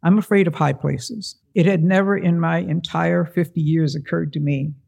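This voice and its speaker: A man with a slightly higher-than-usual voice and a gravelly texture tells a personal story to a live audience. He is animated and acts out the other voices in the tale. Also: moderate pace.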